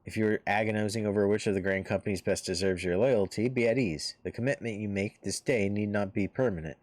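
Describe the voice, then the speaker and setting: A composed woman leader of a heroes' order, read aloud by a man streaming a game. The delivery is formal and measured, like a storybook read-aloud, with a lowish pitch. The sound is dry and close to the mic. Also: no room sound, lightly acted.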